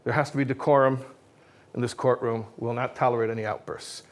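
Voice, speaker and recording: A man's voice: mid-range voice, fairly even intonation, quick pace, natural voice. Sex: man. Figure: a man doing a strict judge. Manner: formal, raised, scolding. Style: told joke. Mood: stern. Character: stern male judge keeping order.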